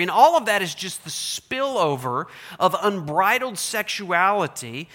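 A man from Oklahoma preaches from the pulpit in a high, bright, forceful voice. He spins animated stories, then turns serious. His words trail off in the long reverb of a large sanctuary. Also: a little slow, hardly any pauses. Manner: animated storyteller, builds excitement then drops to earnest. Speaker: pastor. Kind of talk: sermon.

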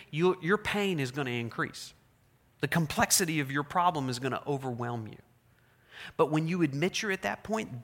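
Man, pastor, sermon, high-pitched, dramatic swings in loudness, long hall reverb. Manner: preaching with dramatic voiced prayers, rising and dropping loudness.

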